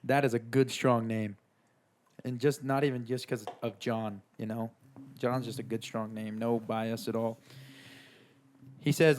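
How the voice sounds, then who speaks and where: A man's voice: medium pitch, flat delivery, measured pace, long pauses, a little mellow, a little hiss or hum. A young man co-hosting a podcast, telling a story in an enthusiastic, playful casual chat. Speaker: podcast co-host.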